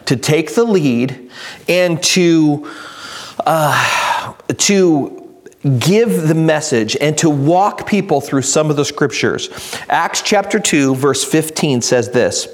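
A man preaching a sermon, reading scripture slowly and building to emphatic, raised delivery. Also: a little high. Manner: reads scripture slowly and deliberately. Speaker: pastor.

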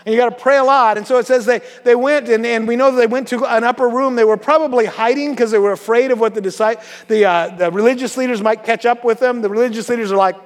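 A man's voice: very high-pitched, steady tone, quick pace, hardly any pauses. A man delivers a sermon in a casual, conversational way. He teases the congregation and peppers his talk with ums and uhs. His voice carries a long reverb from the church hall. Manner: conversational, joking with the congregation, many fillers. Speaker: pastor. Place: church sanctuary.

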